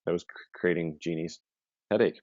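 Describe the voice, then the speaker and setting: A man co-hosting a live online session, quietly talking through the steps of his process. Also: steady tone, moderate pace, no room sound. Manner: low-key, murmurs steps to himself. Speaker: co-host, practitioner. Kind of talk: live-stream session narration. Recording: dull lo-fi stream audio, dry.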